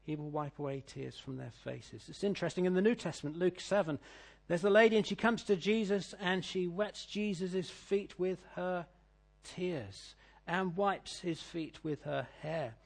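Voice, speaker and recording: A middle-aged British man preaching a sermon, reading scripture and telling stories, swinging between loud declaiming and quiet asides. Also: high-pitched, normal speed, creaky. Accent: British English. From Britain.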